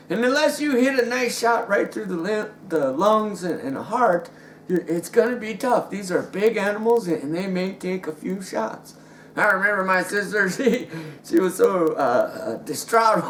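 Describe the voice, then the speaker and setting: A man's voice: high-pitched, fairly bright tone. A man telling a rambling comic story, stumbling over restarts and chuckling as he goes. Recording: roomy echo with faint ambient noise.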